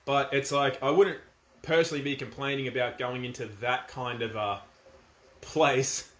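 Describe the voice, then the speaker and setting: Speaking at normal speed with a steady, fairly bright tone, this medium-pitched middle-aged commentator has an Australian accent. His monologue is casual but firm and emphatic, recorded in an echoey room.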